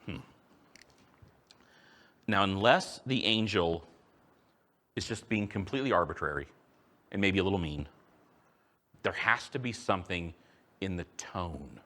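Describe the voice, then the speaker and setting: A man preaching a sermon in a conversational, animated way, asking his listeners rhetorical questions. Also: deep voice, unhurried, long pauses. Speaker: pastor.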